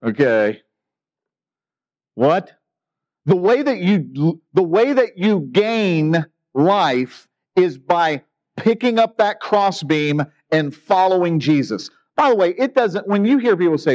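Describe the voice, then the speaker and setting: A man's voice: fairly high pitch, expressive, slow, a little mellow, highs cut off. A man preaching a sermon in an earnest, emphatic way, asking rhetorical questions. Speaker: pastor.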